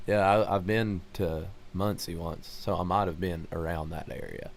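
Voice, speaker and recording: Laid-back deep-voiced man with a Southern accent. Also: steady tone, moderate pace, vocal fry, slight background noise. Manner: laid-back, says "dude" often, laughs easily. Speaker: podcast guest. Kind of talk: casual chat.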